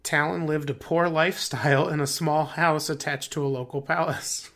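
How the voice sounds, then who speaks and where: A man's voice: fairly high pitch, fairly even intonation, normal speed, fairly bright tone. A young man co-hosting a podcast, his voice nearly gone, laughing often and chatting casually. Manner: laughs often, reads aloud. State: losing his voice. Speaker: podcast co-host. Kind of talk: casual chat.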